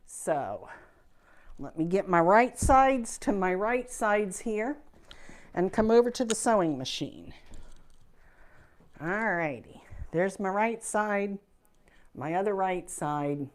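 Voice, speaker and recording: Unhurried middle-aged woman, Midwestern accent, chatty self-deprecating sewing teacher, mid pitch. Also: animated. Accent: Midwestern American. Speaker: quilting instructor. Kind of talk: casual sewing demonstration. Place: sewing room.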